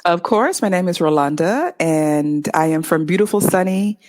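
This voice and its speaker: A woman from Los Angeles with a Californian accent, an English tutor answering interview questions in an upbeat, expressive way with clear enunciation. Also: on the low side, moderate pace. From Los Angeles, USA.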